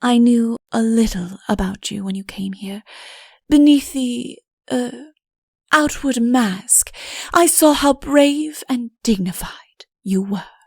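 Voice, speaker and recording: A coy, wheedling countess, as a woman narrator puts her on for a storybook reading, her voice pitched a little high and drifting into breathy whispers. She feigns meekness while she schemes, and the slow, unhurried lines are delivered close and dry, with a gravelly edge. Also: dry recording, exaggerated voice. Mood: cooing whisper. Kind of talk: audiobook character voice.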